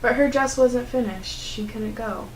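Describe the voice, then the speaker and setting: A teenage young woman reads a children's storybook aloud in a steady, clear narrating voice. Her pitch sits a little high, and a faint hum of noise lies under the recording. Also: measured pace, rough recording. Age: teens. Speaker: student reader.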